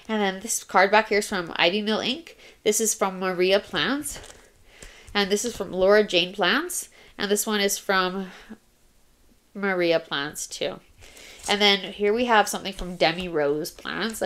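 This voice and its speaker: A woman's voice: fairly low pitch, a bit bright. A young woman casually narrating a planner flip-through, chatty and apologetic, often trailing off and restarting. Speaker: planner vlogger. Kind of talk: casual show-and-tell narration.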